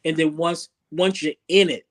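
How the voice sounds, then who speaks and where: A man's voice: fairly high pitch, steady tone, normal speed. Guy talking as a relationship coach, earnest, keeps repeating words as he goes. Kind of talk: interview guest, casual talk.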